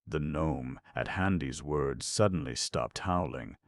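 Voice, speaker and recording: A man narrating an audiobook with steady storytelling. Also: very deep voice, measured pace, creaky, few pauses, no echo, studio quality. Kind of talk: scripted narration.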